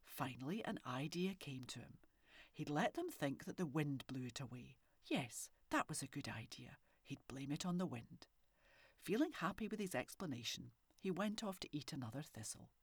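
A woman reading a children's story aloud with expressive, animated delivery and soft whispery asides. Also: low voice, moderate pace, breathy edge, dry recording. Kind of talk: storybook narration.

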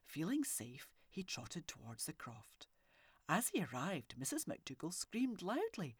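Husky woman reading a storybook. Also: fairly low pitch, unhurried, no echo, clean studio sound. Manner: expressive, animated reading with dropped whispery asides. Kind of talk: storybook narration.

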